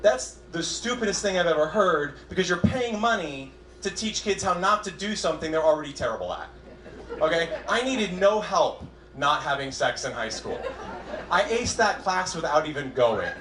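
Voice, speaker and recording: A young male stand-up comic from Southern California performs a set on a comedy club stage before a live audience. His voice is slightly high, very animated and fairly bright, and he's self-deprecating, halting and restarting often. The echoey club recording has faint crowd ambience and a little hiss or hum.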